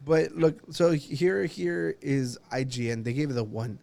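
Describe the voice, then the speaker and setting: A man's voice: on the high side, measured pace, gravelly, a little mellow. A young man co-hosting a podcast, chatting casually and rambling with lots of fillers and laughter. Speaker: podcast co-host. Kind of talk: casual chat.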